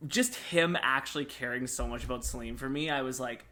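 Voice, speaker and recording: Young man, gaming podcast co-host, casual chat, enthusiastic, rambling, middle pitch. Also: fairly quick, pushed and bright. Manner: enthusiastic, rambling retelling with many fillers.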